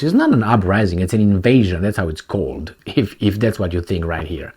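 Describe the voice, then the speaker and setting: Man, political commentary, sarcastic, rhetorical questions, lively pitch. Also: a little fast, breathy edge. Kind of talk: reading and commenting on a news article.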